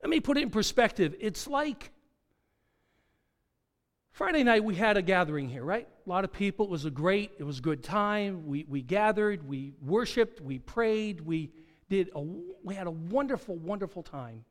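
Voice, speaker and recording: A man's voice: sits high, lively intonation, normal speed. A man preaching a sermon, dramatic, asking rhetorical questions and acting out quoted dialogue. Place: church sanctuary. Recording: long hall reverb.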